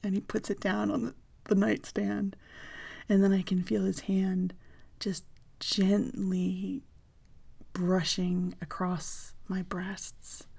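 A woman telling an intimate personal story in a soft, slow voice that often drops into a breathy whisper. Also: medium pitch, little pitch movement.

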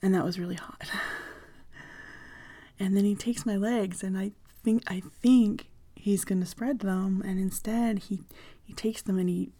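In a soft, slow voice of medium pitch, a woman shares an intimate personal story. Her tone stays steady, though she often slips into a breathy whisper.

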